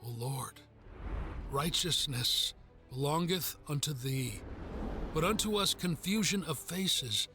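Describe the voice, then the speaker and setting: A man giving a solemn, measured reading of scripture. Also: a little high, animated, music in the background. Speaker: scripture reader.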